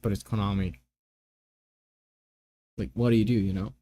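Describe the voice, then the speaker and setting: A man's voice: fairly low pitch, fairly even intonation, normal speed, pauses often, dark tone. Young guy streaming games, rambly and fed up, lots of ums. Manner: rambling, exasperated rants with filler words. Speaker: gaming streamer. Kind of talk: casual chat.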